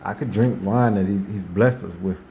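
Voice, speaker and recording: A man's voice: low voice, moderate pace, mellow, slight background noise. A man talking casually about faith and everyday life, rambling and repeating himself, acting out what people say. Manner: rambling, repeats himself, restarts, acts out quotes. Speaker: host.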